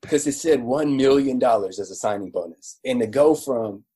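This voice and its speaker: A man in his forties, a former football player, telling stories in a relaxed, chatty way with many fillers. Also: mid-range voice, moderate pace, slightly rough. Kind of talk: casual storytelling interview.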